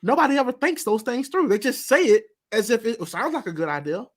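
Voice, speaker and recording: A man's voice: extremely high pitch, expressive, brisk. A man hosting a panel debate, talking in an earnest, impassioned way and often repeating words as he starts a thought. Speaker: show host.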